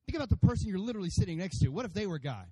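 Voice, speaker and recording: A pastor preaching a sermon to his congregation, animated and playful, acting out voices and calling for amens. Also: sits high, racing, breathy edge. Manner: animated, acts out funny voices for God and congregants; addresses congregation by name, calls for amens.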